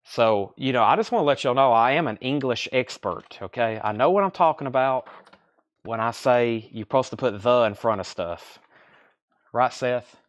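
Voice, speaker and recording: A young man hosting a live record sale, rambling casually between quick price call-outs. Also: medium pitch. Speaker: record store host running a live sale. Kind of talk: casual livestream sales patter.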